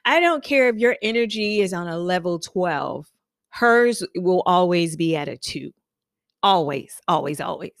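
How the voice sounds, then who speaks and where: A woman podcast host delivers a motivational talk in an unhurried, fairly low voice. She leans hard on repeated affirmations and personal stories. The sound is close and dry. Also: expressive, vocal fry, no room sound. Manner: emphatic, repeats affirmations, storytelling. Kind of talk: motivational monologue.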